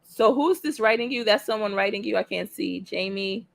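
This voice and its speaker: A woman's voice: mid-range voice, normal speed, creaky, no room sound. A woman hosting a true crime livestream, chatty and laughing often as she talks straight to her viewers. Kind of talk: casual livestream commentary.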